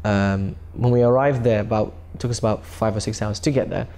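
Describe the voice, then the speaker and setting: A man's voice: on the low side, fairly even intonation, a little fast, dark tone, slight background noise. A man recounting his recitation tour in a documentary interview, earnest and often repeating and restarting words.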